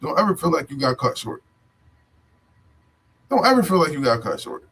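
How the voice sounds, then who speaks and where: A man in AAVE gives a loose, unscripted motivational speech to his viewers. His voice sits a little high for a man, and he talks in a preachy, repetitive way, with profanity and street slang throughout. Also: sing-song, normal speed, a bit bright, breathy edge. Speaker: vlogger.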